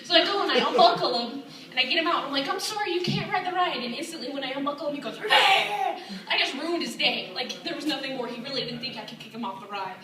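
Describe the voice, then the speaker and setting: Young woman doing stand-up, highish voice, deadpan storytelling, far off mic in an echoey club with a laughing crowd. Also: rapid-fire. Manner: deadpan storytelling, acting out dialogue with a raised voice. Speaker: stand-up comedian. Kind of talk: stand-up comedy set. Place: comedy club stage. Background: audience laughing.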